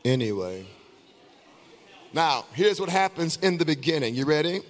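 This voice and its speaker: High-pitched man preaching with chanted shouts. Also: very animated, moderate pace, long reverb tail. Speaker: pastor. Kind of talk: sermon.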